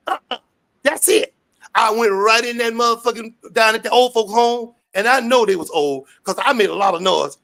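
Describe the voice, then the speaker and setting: Gravelly, fiery man for a street interview rant, loud and profane. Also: very high-pitched. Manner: fiery, profane, shouting rants.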